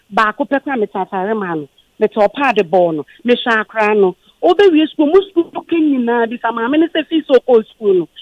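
A Ghanaian woman speaks on a radio call-in show, defensive and explaining at length. Her voice is lively and a little high. It comes through a dull, dry phone line. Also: dry recording. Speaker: caller, former guardian.

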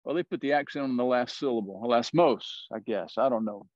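A man's voice: mid-range voice, fast, no room sound, dull audio. Southern man teaching a Bible study. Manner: explanatory, often checks with "right?".

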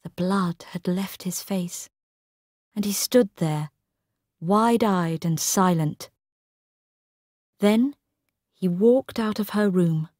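Slow, careful woman narrator. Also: lowish voice, darkish tone, no echo, clean studio sound. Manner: careful, clear storytelling delivery. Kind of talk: scripted narration for English learners.

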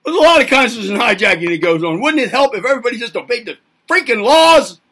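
A man's voice: very high voice, sing-song, quick pace, fairly bright tone, husky. A man giving an informal self-help talk, rambling through rhetorical questions with casual swearing. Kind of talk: informal lecturing monologue.

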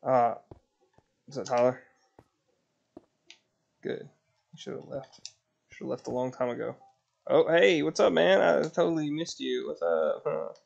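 A man's voice: on the high side, a little slow, creaky, pauses often, a little mellow, dull audio. A man streaming a game live, grumbling and swearing with sarcasm while chatting to his baby son. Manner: talks to his baby son between tasks. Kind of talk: casual gaming live stream chat.

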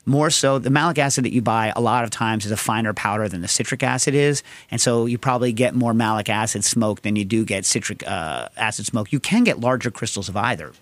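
A man's voice: on the low side, a little fast, few pauses, dry recording. A man hosting a podcast, answering listener questions in a casual, rambling style full of tangents. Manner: rambling, tangent-prone, animated storytelling. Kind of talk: casual chat.

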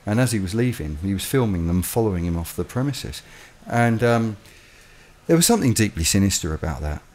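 Low-pitched guy rambling on in a casual chat, animated storyteller. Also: a little fast. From London, England. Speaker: co-host. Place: home in the Philippines.

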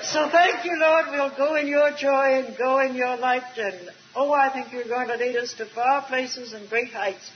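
An older woman delivers a sermon in a high voice, earnest and emphatic, slowing down to lean on key words. The recording is a dull, muffled archival tape. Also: noisy background. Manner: earnest, slow emphatic stretches with light asides. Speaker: speaker at a Christian retreat.

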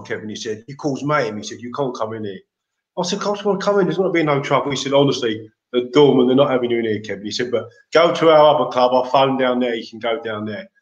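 A man's voice: mid-range voice, lo-fi sound. English man telling stories, echoey room. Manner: animated, laughing anecdotes with slang. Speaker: interview guest. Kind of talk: casual storytelling.

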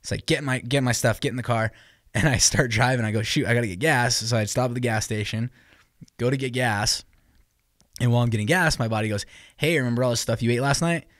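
A man's voice: medium pitch, a little fast, no echo, studio quality. A man in his twenties, a podcast host, telling embarrassing stories in casual chat, often laughing and acting out what people said. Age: 20s. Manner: animated storytelling with laughs and acted-out quotes.

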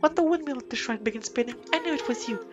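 A woman's voice: sits high, racing, muffled recording, lightly acted. A woman voicing a gracious female spirit who thanks the heroes in formal, grateful words. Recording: game music playing behind.

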